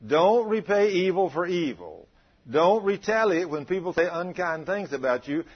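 Husky folksy preacher, lo-fi recording. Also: male voice, high-pitched, big pitch swings, moderate pace. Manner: folksy storytelling, chuckling. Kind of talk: sermon.

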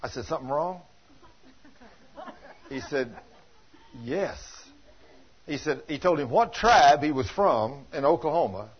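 A man preaching a sermon in a folksy, animated way, retelling conversations as stories. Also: fairly high pitch, measured pace, long pauses. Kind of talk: sermon storytelling. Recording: dull lo-fi recording.

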